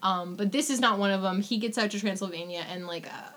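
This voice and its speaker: A young woman co-hosting a podcast in casual chat, animated and swearing freely as she acts out lines in voices. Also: mid-range voice, quick pace. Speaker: podcast co-host.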